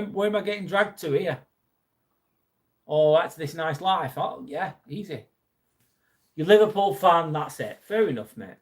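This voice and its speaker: A man's voice: fairly high pitch, husky. A young man, chatting bluntly on a live stream, reading and answering viewer comments and swearing freely. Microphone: phone.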